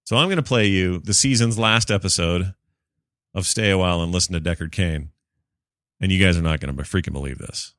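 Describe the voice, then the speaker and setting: A man with a somewhat low voice hosts a casual podcast. He talks in an excitable, rambling way into a close studio mic. The sound is dry and close. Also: brisk, no echo. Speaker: podcast host.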